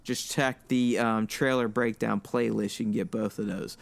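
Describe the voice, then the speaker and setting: Casual, smooth-voiced podcast host. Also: male voice, fairly low pitch, moderate pace, dry recording. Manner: relaxed, rambling, swears freely. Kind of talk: casual chat.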